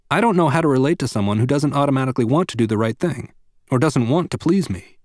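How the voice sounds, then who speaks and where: A man reads a parenting book aloud in a measured, earnest way, speaking directly to the listener. His pitch moves a lot across each sentence. The sound is dry, with no room echo. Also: darkish tone. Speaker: audiobook narrator of a parenting book. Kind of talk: scripted nonfiction narration.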